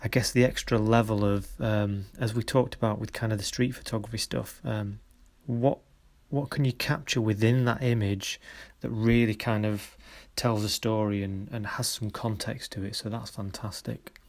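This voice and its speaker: Leading a photography workshop, a man praises and encourages his students' photos, stopping often as he speaks haltingly. His pitch is on the low side and his intonation stays fairly even.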